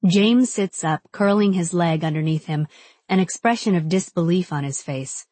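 A woman's voice: fairly low pitch, moderate pace, darkish tone, breathy edge, no room sound. A young adult woman giving intimate, reflective first-person audiobook narration.

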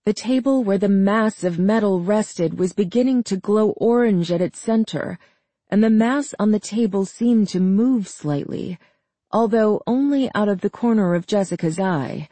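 An audiobook narrator giving a steady, measured scripted reading. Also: mid-range voice, no echo.

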